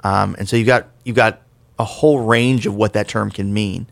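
A man's voice: lowish voice, steady tone, normal speed, vocal fry, no echo. A man co-hosting a casual podcast discussion about faith, explaining things conversationally with the odd self-deprecating joke. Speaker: podcast co-host.

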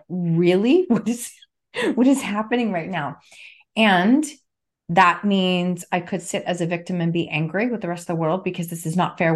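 A woman in her fifties, a guest on an interview podcast, talking earnestly and repeating key phrases for emphasis. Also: mid-range voice. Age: 50s. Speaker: podcast guest, NLP trainer and author. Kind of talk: casual interview conversation.

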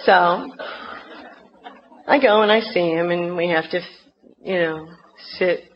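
A woman's voice: fairly low pitch, slow. A middle-aged woman with a New Jersey accent tells a humorous personal story as a recovery meeting speaker, acting out her past outbursts. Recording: dull lo-fi recording with faint noise.

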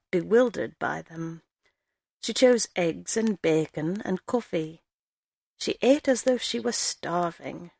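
A woman reading a first-person story aloud in a measured storytelling way. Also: fairly low pitch, vocal fry, dry recording. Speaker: story reader.

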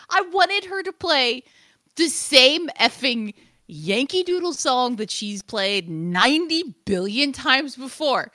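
A woman co-hosting a casual chat, animated and swearing freely. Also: high voice, takes it slowly, no room sound, clean studio sound. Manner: animated, swearing, mimics voices.

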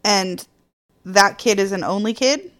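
A woman's voice: medium pitch, unhurried, fairly bright tone. A woman co-hosting a podcast, chatting casually and reflectively. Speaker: podcast co-host, parent. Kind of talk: casual chat.

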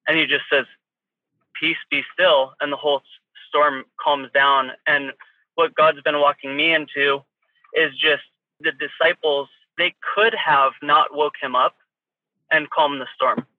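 A man's voice: a little high, steady tone, a little slow, no room sound. A man on a prayer call earnestly recounting a vision, heard over a phone line.

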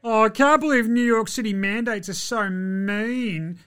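A man's voice: sits high, measured pace, bright, forceful tone, pitched above the performer's own voice. An Australian man imitating a self-important male basketball star in a mock-earnest, self-righteous way.

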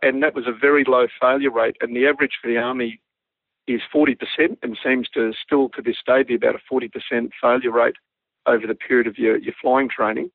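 Australian man, gravelly voice, thin phone-line sound, relaxed storyteller. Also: mid-range voice, brisk, no room sound. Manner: relaxed, self-deprecating, laughs while telling stories. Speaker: guest, former Army pilot. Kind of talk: anecdotal interview storytelling.

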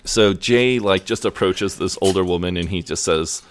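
A man's voice: low voice, normal speed, slight background noise. A man co-hosting a podcast, retelling a TV episode in a loose, chatty way with plenty of fillers. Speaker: podcast co-host. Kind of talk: casual episode recap.

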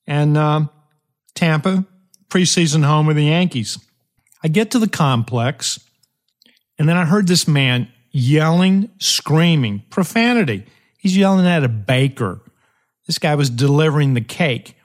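Emphatic storytelling man, higher pitch. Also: animated. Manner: emphatic, dramatic pauses, speeds up and slows down. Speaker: podcast host. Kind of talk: motivational storytelling monologue.

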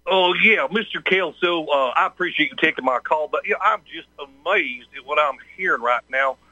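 A man's voice: fairly high pitch, normal speed, bright, forceful tone, no room sound, highs cut off. A man putting on a Texan accent as an indignant rural caller, ranting in a folksy drawl. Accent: put-on Texan.

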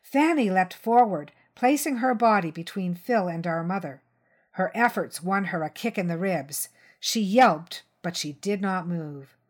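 A woman reading a crime short story aloud in first person, steady and tense. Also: lowish voice, measured pace. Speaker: story reader.

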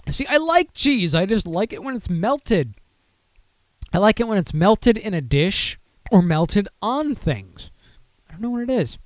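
A man's voice: high-pitched, very animated, measured pace, no room sound, clean studio sound. A man hosting a casual live beer podcast, rambling to himself and breaking into mock-outraged outbursts. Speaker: podcast host. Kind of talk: casual live show chat.

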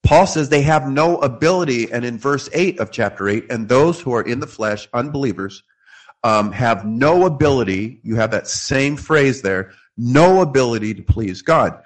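A man's voice: mid-range voice, lively intonation, normal speed. A man earnestly explaining scripture in a theological discussion, quoting verses as he goes.

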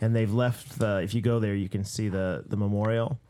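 A man's voice: on the low side, fairly even intonation, a little fast, warm tone. A man and ministry leader chatting casually with friends, rambling with many restarts and telling stories with laughs. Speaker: ministry leader and podcast co-host. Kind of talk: casual chat.

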